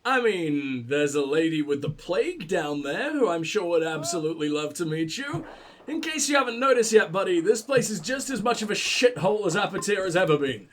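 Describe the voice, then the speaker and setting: A man's voice: high voice, very animated, fairly quick, fairly bright tone. A man hosting a let's play, giving casual gameplay commentary full of profanity and mocking jokes.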